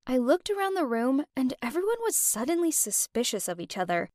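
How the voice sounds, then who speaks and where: A young woman telling a first-person story in an expressive, emotional way. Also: high voice, a little fast, no room sound, studio quality. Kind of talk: first-person scripted narration.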